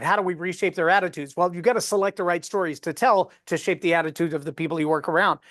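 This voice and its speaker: A man coaching a live webinar on storytelling, folksy and animated as he walks through examples. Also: high-pitched, fast talker, hardly any pauses, no echo, studio quality.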